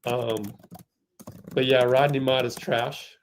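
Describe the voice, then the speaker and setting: A man hosting a fan livestream, giving excitable live play-by-play and getting outraged at the referees. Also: medium pitch, slow pace, slight background noise.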